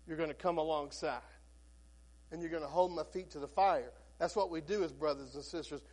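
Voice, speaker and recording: A man's voice: fairly high pitch, a little mellow. A man preaching a sermon as a Baptist pastor, folksy and storytelling, with frequent restarts.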